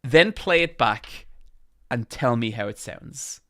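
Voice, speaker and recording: A man's voice: mid-range voice, animated, slow pace, bright, forceful tone, dry recording, clean studio sound. A man with an Irish accent chatting on a live stream into a microphone. He projects his voice and rambles with many fillers. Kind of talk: casual chat on a live stream.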